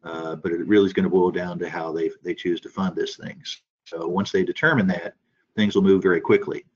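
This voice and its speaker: A man giving a policy briefing on a conference call, speaking haltingly with many fillers and restarts. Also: deep voice, husky. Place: office in Washington. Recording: muffled conference call audio.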